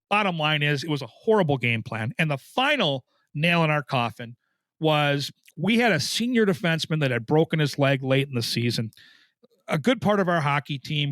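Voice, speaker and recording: A man's voice: a little high, dry recording. Middle-aged man telling hockey stories. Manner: animated, self-deprecating anecdotes. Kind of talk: conversational storytelling.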